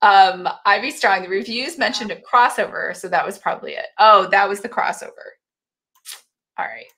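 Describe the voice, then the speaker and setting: A woman's voice: mid-range voice, moderate pace, pushed and bright. A woman hosting a casual live book club chat, laughing often and reading viewer comments aloud.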